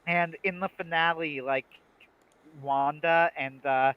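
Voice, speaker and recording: A man's voice: a little high, steady tone, takes it slowly, clean tone, no echo, muffled recording. A man co-hosting a livestream, chatting casually and making emphatic, opinionated points. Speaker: livestream co-host. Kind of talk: casual chat.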